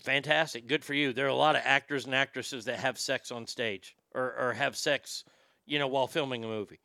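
A man's voice: mid-range voice, fairly even intonation, brisk, creaky, pushed and bright, no echo. A man hosting a talk show, delivering a sarcastic, dismissive monologue full of stumbling restarts. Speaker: podcast host.

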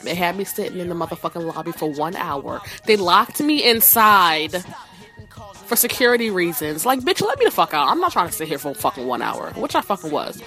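Woman with a lowish voice cussing through a storytime rant, super sassy, faint music behind. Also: brisk. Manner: profane, animated, sassy storytelling.

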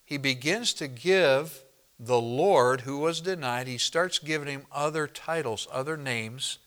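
A man preaching an expository sermon to his congregation, emphatic and direct, reading scripture slowly and deliberately. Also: medium pitch, a bit bright. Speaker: pastor.

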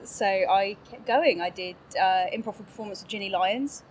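A woman's voice: medium pitch, moderate pace. Upbeat woman guest, laughs a lot, light faint noise on the track. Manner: bubbly, laughs often, self-mocking. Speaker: podcast guest. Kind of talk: casual interview chat.

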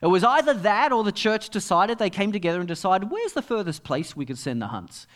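A middle-aged man preaching a sermon as pastor, telling stories and dropping to quiet asides. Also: high-pitched, big pitch swings, brisk. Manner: storytelling, with dramatic drops to quiet asides.

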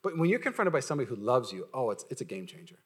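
A man's voice: mid-range voice, very animated, rapid-fire. A young adult male pastor preaching a casual, joking sermon, full of fillers and restarts.

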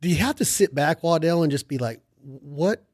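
A male podcast host talks through his questions in a relaxed, chatty way, with a voice a touch higher than most men's. The sound is dry and close to the mic. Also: moderate pace, no room sound. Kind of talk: casual interview.

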